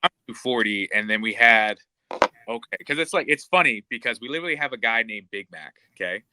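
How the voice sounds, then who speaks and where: A man's voice: medium pitch, animated, fairly quick, bright, forceful tone, no echo. A man hosting a podcast, chatting casually in a laid-back, joking way with plenty of "um" and "you know". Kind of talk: casual chat.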